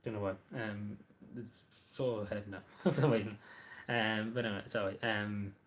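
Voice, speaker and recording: A man's voice: lowish voice, level tone, normal speed. An Irish man chatting casually on a livestream, answering viewers' messages in a rambling, hesitant way with lots of ums and restarts.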